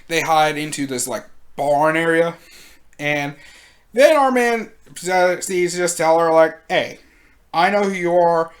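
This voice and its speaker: A host giving casual video commentary in a slangy, animated way, laughing often. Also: medium pitch.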